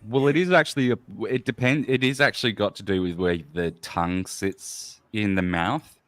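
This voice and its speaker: A man's voice: lowish voice, moderate pace, fairly bright tone, no room sound. A man from the United Kingdom hosting a podcast, explaining things in a rambling, casual way full of fillers. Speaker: podcast host. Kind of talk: casual chat.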